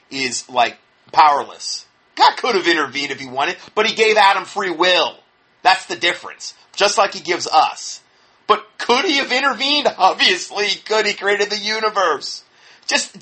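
A man with a husky edge and a forceful, bright voice picks apart a preacher's claims. He scoffs and sounds indignant, with a lively, swooping pitch and a slightly high voice for a man. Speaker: religious commentator. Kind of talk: critical commentary on a preacher.

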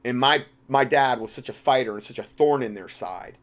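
A man's voice: mid-range voice, moderate pace. A man hosting a talk show, giving an impassioned, rambling commentary full of restarts. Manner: impassioned, rambling, with frequent restarts and big swings in loudness. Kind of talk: religious political commentary monologue.

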